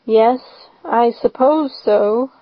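A shy, gentle old farmer who talks slowly and hesitantly, as a woman reading a storybook puts him on. The voice is dry and close, with a slightly dull lo-fi tone. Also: fairly high pitch, dry recording. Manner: slow, halting, reluctant.

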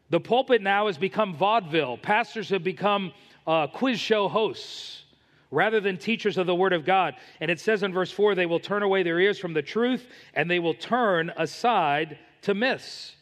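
A man's voice: high-pitched, normal speed, fairly bright tone, big-room sound. A man preaching a sermon as pastor, emphatic and telling stories to make his points.

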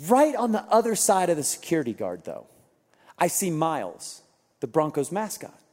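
A man pastor telling a lively story in an Easter sermon, acting out voices and laughing along with the crowd. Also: on the high side, normal speed. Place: large church auditorium. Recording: long reverb of a large hall.

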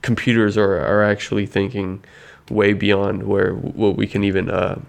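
A man's voice: fairly low pitch, monotone, normal speed, vocal fry. A man in casual podcast chat, talking hesitantly with many restarts. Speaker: podcast co-host.

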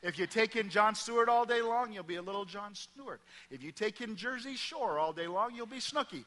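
A middle-aged Midwest American pastor preaching from the stage, his voice high and ringing. He hammers his points through repetition, then drops suddenly to a hushed tone. The sound carries a long reverb from the big church hall. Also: a little fast. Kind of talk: sermon.

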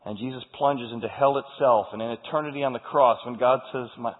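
A man preaching a sermon as pastor, impassioned, dropping to a hush and then rising loud when he reads scripture. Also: medium pitch, steady tone, fairly quick, husky. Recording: phone-like audio with long hall reverb.

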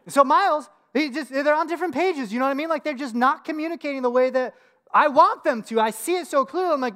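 A man's voice: extremely high pitch, fast talker, a bit bright. A man in his thirties preaching a sermon in a conversational storytelling way, with casual fillers and laughs. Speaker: pastor.

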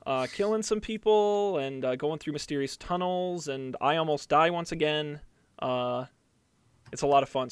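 Chatty upbeat podcast host, dry close sound. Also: male voice, on the high side, no echo. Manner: upbeat, chatty, many fillers and restarts. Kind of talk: casual podcast chat.

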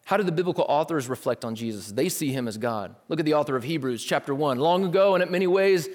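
A male pastor preaching a sermon in a casual, lively way, dropping slang asides. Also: on the high side, fast. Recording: long hall reverb.

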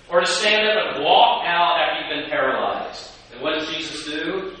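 A man preaching a sermon and asking the congregation questions, lively and animated. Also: mid-range voice, moderate pace. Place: church sanctuary. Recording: echoey church from a distance with hiss.

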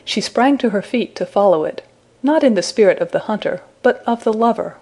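A woman narrating a fairy tale as a scripted audiobook reading, in a measured storytelling manner. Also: mid-range voice, animated, darkish tone.

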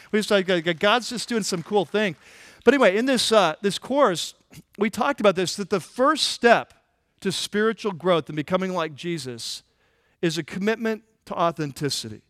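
A man's voice: high voice, no echo, studio quality. A man preaching a conversational sermon as pastor, informal and emphatic, with many fillers and restarts.

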